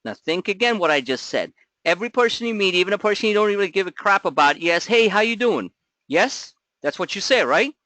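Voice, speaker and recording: A man's voice: sits high, big pitch swings, quick pace, sharp tone, no room sound. A man coaching traders in a live webinar, talking bluntly and emphatically, firing off rhetorical questions and casual swearing. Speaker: trading coach. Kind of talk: live market commentary webinar.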